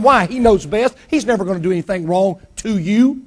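A male preacher delivering a sermon and telling a story, emphatic and repetitive, dropping quiet for his key points. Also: high-pitched, expressive, brisk, few pauses.

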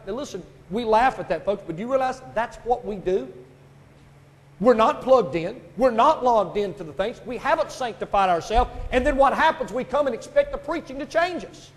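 A man with a high voice preaches a sermon, spinning everyday stories before driving his point home in loud, punchy bursts. The sound rings with a long echo from a church hall. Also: lively intonation, moderate pace, long pauses. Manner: storytelling preacher, building to loud emphatic bursts. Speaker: pastor.

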